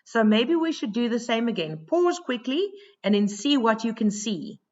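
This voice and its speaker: A woman teacher giving a recorded lesson, thinking aloud as she goes and pausing often with fillers. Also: a little high, sing-song, highs cut off.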